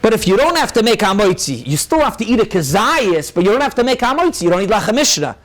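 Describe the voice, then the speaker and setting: A rabbi lecturing a room of listeners, his voice sitting high for a man. He moves briskly through the sources, answers questions as they come, and drops Hebrew and Yiddish terms into his English. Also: very animated. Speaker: rabbi teaching a class. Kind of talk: halachic lecture to a live audience.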